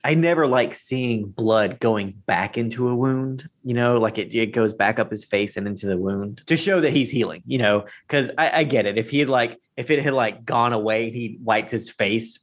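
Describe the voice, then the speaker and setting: Rambling, jokey podcast co-host, mid-pitched. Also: moderate pace, hardly any pauses. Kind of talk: casual chat recapping a TV episode.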